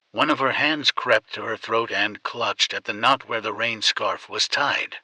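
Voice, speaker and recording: A man narrating an audiobook in a steady, measured storytelling manner. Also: mid-range voice, no room sound, poor audio.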